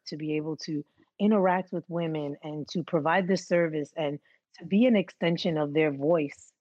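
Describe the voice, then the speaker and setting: A woman's voice: deep voice, normal speed, a little mellow, no echo, muffled recording. A woman who works as a midwife, telling her story earnestly and from the heart in a casual interview.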